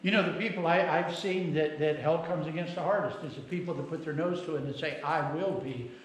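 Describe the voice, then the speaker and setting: A man's voice: fairly high pitch, fairly even intonation, fast talker. A middle-aged male pastor preaching a sermon in a folksy storytelling manner, acting out the people in his stories. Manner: folksy storytelling with acted quotes. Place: church sanctuary. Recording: very echoey church hall, faint noise.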